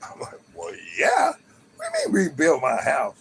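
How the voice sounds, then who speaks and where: A man's voice: mid-range voice, huge pitch swings, moderate pace, gravelly, fairly bright tone, slight background noise, low-quality recording. A man livestreaming from home, telling a rambling story to viewers and laughing often. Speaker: livestream host.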